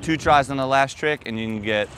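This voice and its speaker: A man's voice: medium pitch, a little fast, a bit bright. A man hosting a BMX vlog outdoors at a skatepark, talking in a casual, joking way with plenty of swearing and trash talk. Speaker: host and BMX rider. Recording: outdoor mic with crowd noise.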